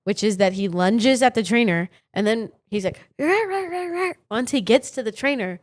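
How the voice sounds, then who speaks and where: A woman's voice: mid-range voice, normal speed. A woman co-hosting a podcast, telling stories in casual chat and acting out the quotes. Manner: animated, acts out quotes, breaks into silly sung bits. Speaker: podcast co-host.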